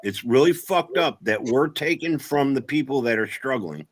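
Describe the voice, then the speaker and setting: A man's voice: medium pitch, expressive, normal speed, a little hiss or hum. A man in casual political chat, blunt and sarcastic, swearing freely.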